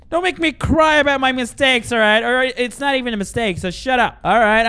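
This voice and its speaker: A young man giving casual let's-play commentary on a horror game, excitable and profane, saying "all right" after nearly every line. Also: high-pitched, clean tone. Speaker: gamer playing a horror game.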